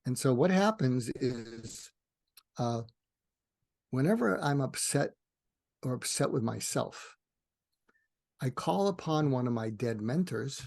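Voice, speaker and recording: A man's voice: medium pitch, animated, slow pace, gravelly, pauses often, dry recording, studio quality. An older man, a retired psychiatrist, telling rambling personal stories as a podcast guest. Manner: rambling, tangential, warm storyteller. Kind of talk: casual storytelling interview.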